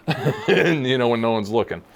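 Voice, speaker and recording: Gravelly, lively-voiced man telling stories. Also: mid-range voice, measured pace. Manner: animated storyteller who acts out quotes; laughs often. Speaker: podcast co-host. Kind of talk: casual chat.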